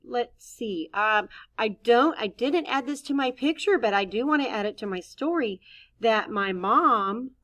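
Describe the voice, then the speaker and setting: A woman's voice: a little high, animated, moderate pace, few pauses. A woman teacher giving a recorded writing lesson for young children, patiently thinking aloud as she models each sentence. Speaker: elementary school teacher.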